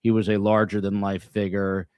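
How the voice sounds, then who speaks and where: A man hosting a podcast in casual chat, talking in halting, rambling bursts with many restarts. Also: on the low side, level tone, clear, resonant tone, no room sound, muffled recording. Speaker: podcast host.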